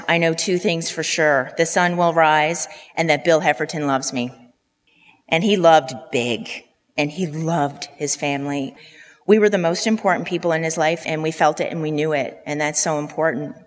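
A woman's voice: low-pitched, big-room sound. A woman in her fifties from Newfoundland giving a eulogy for her father, telling heartfelt stories with fond asides. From Newfoundland, Canada. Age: 50s. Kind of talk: funeral eulogy. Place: funeral hall.

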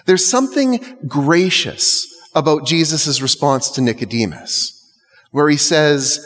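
A man's voice: fairly high pitch, animated, a little slow, a bit bright. A male clergyman preaching a sermon to his congregation in a conversational, lightly humorous way. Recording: long church reverb.

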